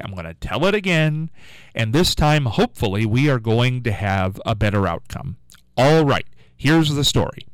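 Chatty radio host man, lively voice. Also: medium pitch, no echo, rough recording. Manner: chatty, rambling storyteller with many restarts. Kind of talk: casual radio talk.

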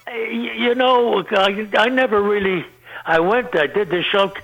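A man's voice: high voice, unhurried, fairly bright tone, soft background music, poor audio. An older man, a comedian being interviewed, telling rambling anecdotes and laughing at his own punchlines. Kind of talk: anecdotal storytelling.

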